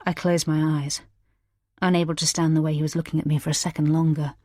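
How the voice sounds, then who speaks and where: A woman's voice: low voice, little pitch movement, fast talker, dry recording, studio quality. A woman narrating a first-person thriller audiobook in a tense, dramatic manner. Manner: tense, dramatic, shouting in character lines.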